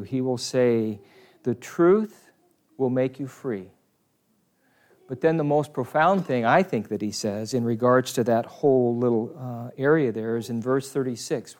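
An earnest male preacher at a medium pitch, leaning hard on key phrases and stretching them out slowly. He breaks into casual asides to the congregation between points. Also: darkish tone. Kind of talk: sermon.

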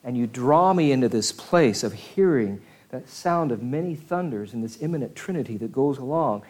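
A man preaching a conversational sermon, asking his listeners questions and swinging from quiet, hushed asides to loud, acted outbursts. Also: mid-range voice, lively intonation, normal speed. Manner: conversational, asks the audience questions.

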